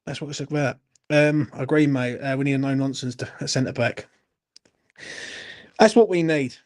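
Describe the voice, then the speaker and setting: A man's voice: mid-range voice, normal speed, darkish tone. A young man hosting a late-night football Q&A, blunt and sweary, a little tipsy as he answers chat comments. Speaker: football channel host.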